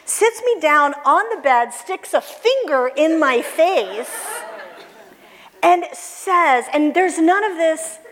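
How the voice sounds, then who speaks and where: A middle-aged woman telling a personal story to a church audience, animated, acting out the voices she quotes and laughing often. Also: high-pitched, slow, a faint crowd. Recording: long reverb of a hall.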